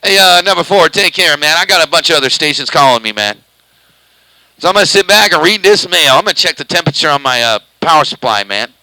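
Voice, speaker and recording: On a live CB stream from his house, a man with a voice on the high side rattles along fast, animated, bright and forceful. His talk is a loose drawl, spoken right into the mic he says he eats. There's no echo, but the audio is poor.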